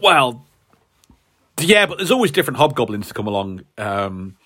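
A man's voice: mid-range voice, very animated, normal speed, sharp tone. A man co-hosting a casual chat, recapping a story in a rambling way with lots of fillers. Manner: rambling, hesitant with many fillers. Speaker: podcast co-host.

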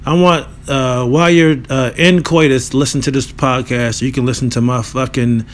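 A man's voice: medium pitch, steady tone, moderate pace, slight background noise. Nasal, dry-voiced man podcasting. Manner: loose, profane, joking and rambling. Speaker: podcast host. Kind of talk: casual solo podcast talk.

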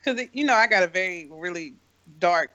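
A man's voice: high-pitched, expressive, a little fast, bright, forceful tone, muffled recording. A young man co-hosting a casual podcast, telling stories and laughing between lines. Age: young adult. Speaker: podcast co-host. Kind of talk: casual group chat.

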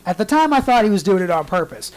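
Male podcast host, casual and profane, an animated storyteller. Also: high-pitched, quick pace. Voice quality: storytelling, animated voices in quotes, swears freely. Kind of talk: casual chat.

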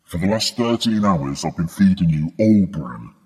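A man voicing a menacing male puppet villain who announces a deadly trap, speaking in slow, ominous pronouncements. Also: deep voice, animated, a little mellow, pitched below the performer's own voice. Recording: long reverb added.

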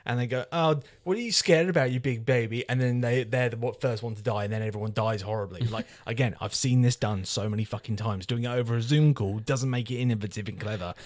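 A man's voice: on the low side, fairly even intonation, quick pace, hardly any pauses, a little mellow, dry recording, clean studio sound. A man ranting and swearing freely while reviewing a film on a casual podcast. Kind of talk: casual chat.

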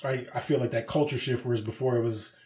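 A man's voice: mid-range voice, steady tone, quick pace, a crowd in the background. A man co-hosting a podcast, telling a story in casual chat with heavy swearing and acted-out quotes. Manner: profane storyteller, acts out quoted voices. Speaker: podcast co-host.

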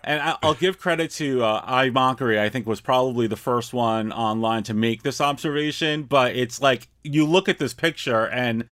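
A man co-hosting a casual podcast, animated and laughing often, swearing freely. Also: mid-range voice, normal speed, few pauses, no echo, clean studio sound. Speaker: podcast co-host.

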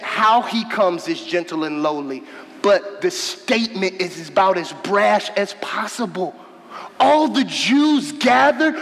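A man preaching a sermon as pastor, emphatic, with folksy asides, swinging from shouts to low murmurs. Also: vocal fry. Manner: casual, folksy asides to the congregation. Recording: long hall reverb.

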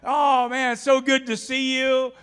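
A man's voice: extremely high pitch, completely flat delivery, slow pace, a bit bright, clean tone, pitched above the performer's own voice, heavily acted. A man putting on the voice of an over-eager, fake-friendly churchgoer with a sing-song greeting. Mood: gushing. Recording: long hall reverb.

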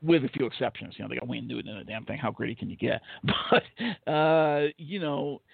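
A blunt, sarcastic man rambles through a film review, swearing freely and leaning on fillers. His voice is gravelly and husky, and it comes through a dry, tinny, phone-like line. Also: medium pitch, expressive, brisk, no echo. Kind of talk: casual opinionated film-review chat.

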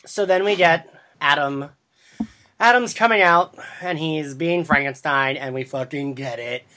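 Podcast host, casual and upbeat, laughs easily, animated scene retelling. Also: mid-range voice. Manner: giggly, upbeat, retells scenes with quick voices.

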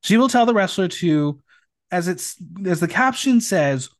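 A man with a fairly high voice hosts a casual recap podcast, recorded close and dry with no room sound. He retells the episode playfully, with quick dry asides. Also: animated, dry recording. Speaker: podcast host.

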